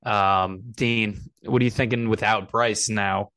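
A man hosting a casual sports podcast, talking in a relaxed, hesitant way with lots of fillers and the odd swear word. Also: on the low side, a little slow, dry recording. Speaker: podcast host.

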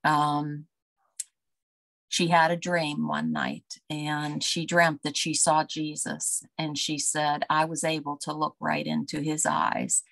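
A woman recalling family memories as an interview guest, unhurried and full of fillers. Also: low voice, completely flat delivery, creaky, fairly bright tone, no echo. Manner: reminiscing, unhurried, with many fillers. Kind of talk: casual storytelling.

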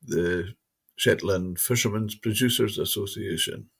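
A man with a low, gravelly voice who talks at an unhurried pace. He is interviewing a guest and wanders into long anecdotes, stopping and restarting his sentences as he goes. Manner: anecdotal, rambling storyteller with many restarts. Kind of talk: casual reminiscing conversation.

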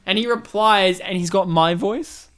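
A woman chatting casually during a movie commentary, animated and rambling, full of fillers and silly impressions. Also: medium pitch, a little slow. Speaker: co-host.

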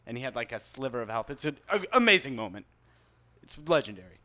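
Talking fast in a medium-pitched voice, a young man co-hosting a laid-back gaming podcast launches into animated, profanity-laden rants full of jokes.

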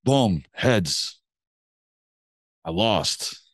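A man's voice: on the low side, very slow, no echo. A man telling a long story in casual slang, swearing freely and acting out what people said. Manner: animated storyteller, slangy and profane, acts out quotes.

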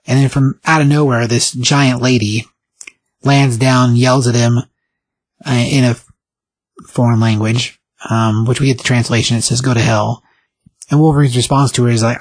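A man casually recapping and reviewing a comic book as a podcast host, rambling and animated as he quotes the characters. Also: mid-range voice, moderate pace, slightly rough, dry recording.

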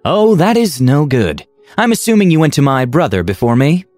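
A man's voice: on the high side, big pitch swings, normal speed, a little mellow, no echo, faint music behind, pitched above the performer's own voice. A man voicing a flamboyant, flirtatious rich male merchant in a theatrical, playful manner.

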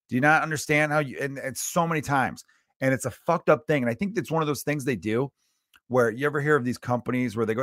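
A man's voice: medium pitch, fast, a bit bright, no echo, clean studio sound. A male comedian hosting his own podcast, ranting in an exasperated, profane, rambling way into a podcast mic. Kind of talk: solo comedic rant.

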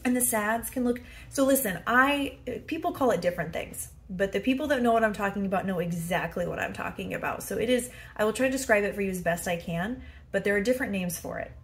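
A woman's voice: medium pitch, fast. A woman hosting a solo podcast from her bedroom as a head coach, chatty and self-deprecating, with many fillers. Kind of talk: casual solo podcast monologue.

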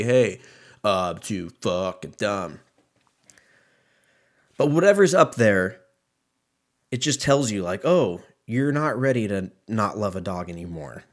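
Rambling, profane young man. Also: medium pitch. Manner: profane, rambling, self-mocking. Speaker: podcast host. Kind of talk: casual solo podcast rant.

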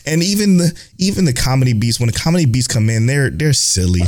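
A man co-hosting an anime talk podcast, chatting in an animated, excitable way and swearing freely. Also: mid-range voice, fast. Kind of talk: casual chat.

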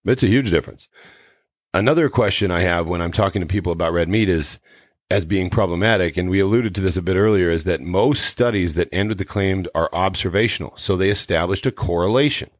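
A man hosting a wellness podcast, explaining in an earnest, measured way. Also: low voice, no room sound, studio quality. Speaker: podcast host. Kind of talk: casual podcast chat.

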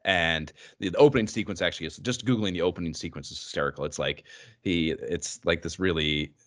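A man's voice: deep voice, a little fast, a bit bright. A man co-hosting a podcast, chatting casually and rambling, laughing often as he talks. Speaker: podcast co-host. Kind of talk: casual chat about a retro game.

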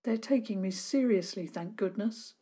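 A woman's voice: medium pitch, moderate pace, mellow, slightly rough, close to an everyday voice. A woman voicing a serious young girl. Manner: serious and urgent.

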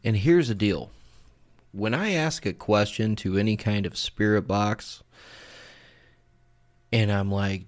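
A young man talks casually over his own recordings, blunt and a bit profane, laughing at himself. His voice sits very low with a gravelly fry running through it. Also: slow pace. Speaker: paranormal vlog host.

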